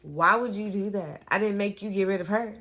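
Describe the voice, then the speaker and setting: A woman's voice: mid-range voice, a little fast, a bit bright, pitched above the performer's own voice, close to an everyday voice. Woman doing a protective older grandmother. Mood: reproachful. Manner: questioning, reproachful.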